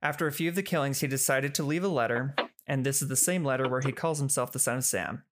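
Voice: mid-range voice, fast talker, noisy background. A podcast host narrating a case in a casual, chatty way, explaining and correcting themselves as they go.

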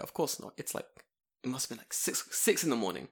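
A young man telling a long story in a casual chat, animated and full of swearing. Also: mid-range voice, fast, vocal fry, slightly rough.

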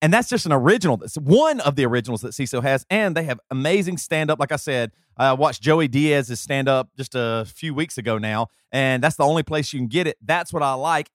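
Podcast co-host, male, thirties, rambling talker, dry close mic, mid pitch. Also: lively intonation, brisk, few pauses, no room sound. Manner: rambling, talkative storyteller with many fillers. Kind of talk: casual chat and host-read ad.

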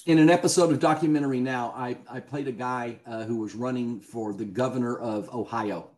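Southern male guest, chatty raconteur, laughs through his anecdotes, mid pitch. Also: steady tone, a little fast, darkish tone. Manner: chatty storyteller, laughs often. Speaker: guest actor. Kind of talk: casual podcast interview.

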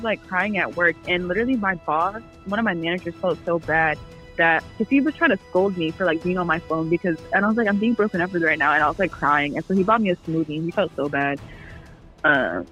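A woman's voice: lowish voice, lively intonation, brisk, bright, forceful tone, faint music behind, poor audio. A young adult woman, a podcast guest, telling a long personal story in casual chat, full of "like"s and quoted asides. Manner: rambling storyteller, many "like"s.

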